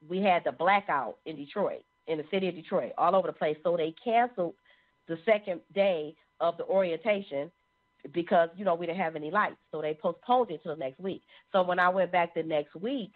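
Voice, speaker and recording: A woman sharing a personal testimony in an animated storytelling manner. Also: lowish voice. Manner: animated, acts out quoted voices. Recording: phone-like narrow sound.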